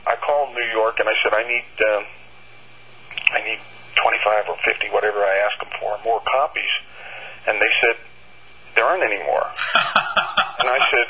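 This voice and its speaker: A man, an author and bookseller, telling animated anecdotes with frequent laughs and halting restarts. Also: mid-range voice, slightly rough, muffled recording. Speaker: author guest. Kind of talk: casual storytelling. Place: bookstore owner, Denver.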